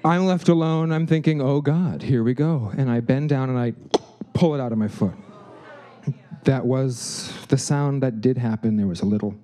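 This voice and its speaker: Brief: male storyteller, mellow tone, animated, slips into quoted voices. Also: moderate pace. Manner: animated, acts out quotes with shifting pitch. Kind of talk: personal storytelling.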